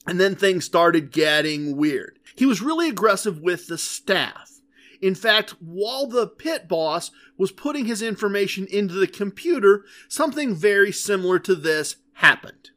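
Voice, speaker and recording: A man's voice: high voice, expressive, moderate pace, fairly bright tone. A man hosting a podcast, telling a story in a chatty, wry way and laughing at himself. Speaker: podcast host.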